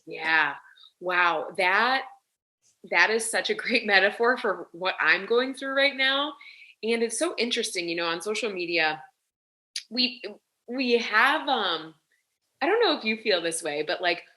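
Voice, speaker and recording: A woman's voice: mid-range voice, animated, unhurried, pushed and bright. A woman guest and business coach in casual interview chat, talking freely with many "like" and "you know" fillers. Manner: chatty, restarts and fills with "like" and "you know".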